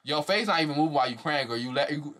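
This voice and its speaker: A man giving a casual, profane, animated review of a reality show to his viewers. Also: a little high, racing. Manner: profane, animated, exaggerated reactions.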